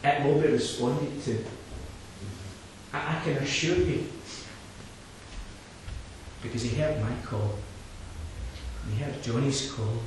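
A man preaching a sermon, swinging from low quiet asides to loud impassioned climaxes and repeating his key phrases. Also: slow, pauses often. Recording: very echoey, from a distance, faint background noise.

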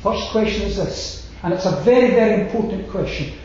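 A man preaching a sermon, slow and emphatic, letting his phrases fall away to a hush. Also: high voice, lively intonation, slight background noise. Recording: very echoey hall, slightly dull sound.

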